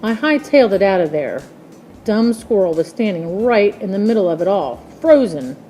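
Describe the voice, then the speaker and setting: A woman reading a children's book aloud in a slow, expressive storytelling manner. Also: mid-range voice, soft background music.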